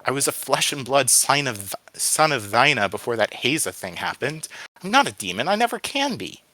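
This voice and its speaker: A man's voice: mid-range voice, big pitch swings, moderate pace, sharp tone, pitched above the performer's own voice. A man voicing a sly, ancient male wind spirit with a small voice, talking in a candid, wheedling way in a read-aloud story.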